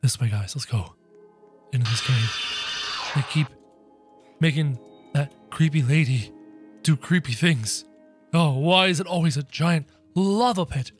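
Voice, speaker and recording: A man hosting a gaming video with excitable, theatrical commentary, often yelping and shrieking. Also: on the high side, measured pace, pauses often, faint music behind.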